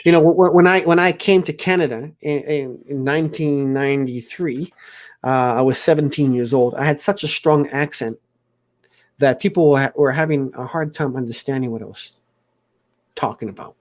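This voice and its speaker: A man's voice: medium pitch, moderate pace. A man in his forties from South Africa, hosting a casual livestream chat and telling rambling stories with frequent restarts. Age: 40s. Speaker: livestream host.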